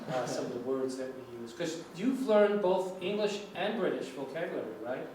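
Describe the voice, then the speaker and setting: A lively, high-leaning voice at normal speed belongs to an American man lecturing in English, who chats with his class and asks students questions. It's recorded from afar in an echoey lecture room with a bit of faint noise.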